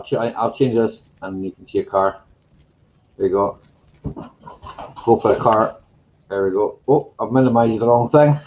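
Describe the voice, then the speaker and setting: A man hosting a casual live chat, greeting viewers by name in a slow, meandering way and chuckling to himself. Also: lowish voice, a bit bright, dull audio, a little hiss or hum. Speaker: live stream host. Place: home room with green screen.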